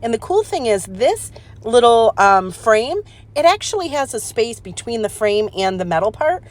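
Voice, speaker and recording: A woman hosting a casual craft demonstration, chatty and excitable, laughing at her own mistakes and filling pauses with "um". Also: on the high side. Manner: chatty, excitable, self-deprecating, lots of "um". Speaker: craft channel host.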